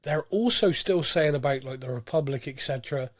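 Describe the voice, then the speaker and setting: A man hosts a casual podcast with a rambling, filler-laden way of talking. He sounds slightly nasal from a head cold. His voice sits at an ordinary pitch, recorded close and dry. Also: brisk, no room sound. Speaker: podcast host. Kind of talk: casual chat.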